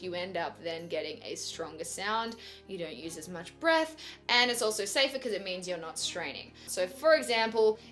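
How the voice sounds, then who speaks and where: Young woman vocal coach, chatty and upbeat, bright tone, faint music under her. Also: fairly high pitch. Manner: upbeat and chatty, demonstrates sung exercises. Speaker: singing teacher. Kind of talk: vocal lesson vlog.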